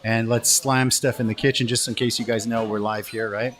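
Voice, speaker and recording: A man's voice: medium pitch, level tone, fairly quick, fairly bright tone, soft background music. A man hosting a casual live show over food, laid-back and chatty, calling his guest brother. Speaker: host, restaurant owner.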